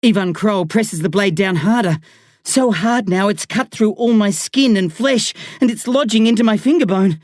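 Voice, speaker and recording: A woman reading a first-person story as an audiobook narrator, in a slow, tense, dramatic way. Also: mid-range voice, darkish tone, no room sound, clean studio sound.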